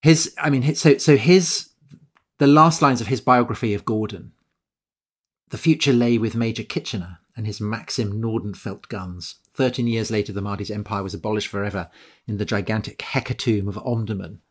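A man co-hosting a history talk, halting and repeating words before reading quotations with emphasis. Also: lowish voice, breathy edge. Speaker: podcast co-host. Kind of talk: conversational history chat.

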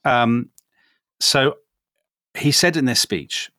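A man's voice: mid-range voice, animated, brisk, a bit bright, no room sound, clean studio sound. A man co-hosting a casual history podcast, chatty and hesitant, with wry asides. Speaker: podcast co-host.

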